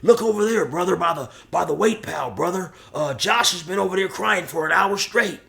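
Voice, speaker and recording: A man voicing a tough male prison inmate who talks loudly and calls his friend brother. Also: high voice, lively intonation, normal speed, creaky, voice pushed up, exaggerated voice. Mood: concerned. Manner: loud, calls everyone brother.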